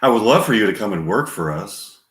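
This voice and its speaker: A gentle middle-aged woman speaks earnestly to a stranger she wants to hire, as a man puts her on. Her soft sentences bounce back from the echo of the room. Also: fairly low pitch, lively intonation, brisk. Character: warm middle-aged woman interviewing someone. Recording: roomy echo.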